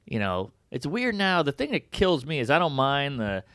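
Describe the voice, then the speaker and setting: A man, a comedian chatting as an interview guest, jokey and animated with big jumps in pitch for emphasis. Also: moderate pace, no room sound, clean studio sound. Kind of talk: casual interview chat.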